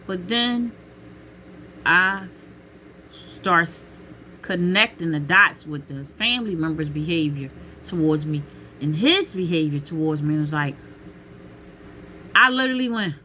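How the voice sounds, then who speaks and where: A middle-aged woman talking casually to camera with emphatic, expressive delivery, calling listeners honey and child and calling out to God. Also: lowish voice, unhurried, pauses often, a little hiss or hum. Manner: peppers talk with exclamations to God. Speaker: vlogger giving relationship advice.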